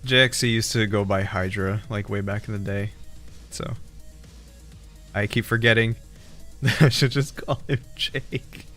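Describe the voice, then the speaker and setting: A man's voice: on the low side, fairly even intonation, unhurried, pauses often, pushed and bright. Giggly, joking male streamer. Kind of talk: casual chat. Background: faint background music.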